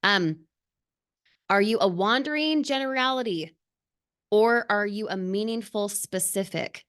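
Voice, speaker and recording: A woman's voice: mid-range voice, unhurried, fairly bright tone. A woman leading a live motivational training for her team, speaking earnestly and emphatically with lots of rhetorical questions. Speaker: team leader.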